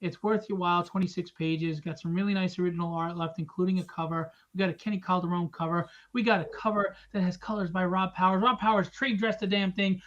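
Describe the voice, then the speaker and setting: A man's voice: high-pitched, steady tone, fast, hardly any pauses, fairly bright tone, dull audio. A man hosting a live drawing stream, chatting casually and rambling through jokes and plugs. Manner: joking, rambling, teasing.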